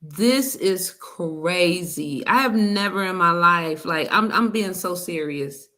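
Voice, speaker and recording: A woman's voice: fairly low pitch, moderate pace, sharp tone. A woman giving reaction commentary, outraged and emphatic, cussing.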